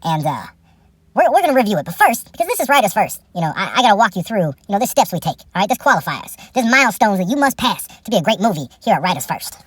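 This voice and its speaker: A woman's voice: mid-range voice, sing-song, fast talker, slightly rough, no echo. A woman hosting a comedic movie review, rambling and profane, laughing often, and a little tipsy. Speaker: host.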